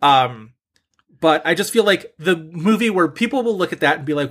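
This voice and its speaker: A man's voice: fairly high pitch, moderate pace, fairly bright tone. A man co-hosting a podcast, chatting casually and opinionatedly about film awards, rambling with restarts. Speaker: podcast co-host. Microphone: desk mic, typing while talking.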